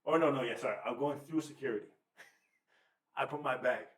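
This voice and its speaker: A man co-hosting a podcast, telling animated, swearing stories and acting out the people in them. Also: mid-range voice, moderate pace, far from the mic. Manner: animated, swearing, acts out quotes. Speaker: podcast co-host. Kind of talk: casual storytelling chat. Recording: roomy, off-mic sound.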